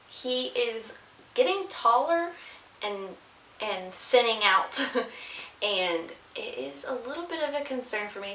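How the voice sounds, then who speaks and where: A woman's voice: on the high side, bright, forceful tone. A young woman, a mother vlogging to camera, chatting casually and rambling with fillers, tired from lack of sleep. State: sleep-deprived. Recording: echoey room with faint hiss.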